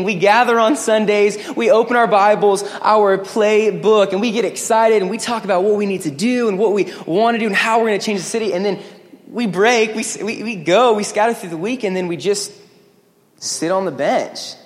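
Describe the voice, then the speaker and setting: A man preaching a lively sermon as pastor, joking with the congregation. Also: high voice, normal speed. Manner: energetic, joking, acts out quoted voices. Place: church sanctuary. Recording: long hall reverb.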